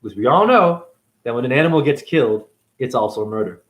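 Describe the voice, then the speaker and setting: A man's voice: medium pitch, expressive, fast, fairly bright tone. A man delivering an angry, confrontational monologue as a self-styled spiritual teacher, swearing constantly. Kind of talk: profane ranting monologue.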